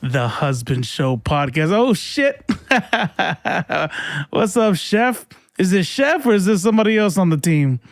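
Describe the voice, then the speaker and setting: Brief: young male streamer, slightly high voice, laughing, loose and casual, dry close sound. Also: big pitch swings, unhurried, no room sound. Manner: chatty, laughing, swearing, fumbling with settings. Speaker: livestream host. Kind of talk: casual livestream chat.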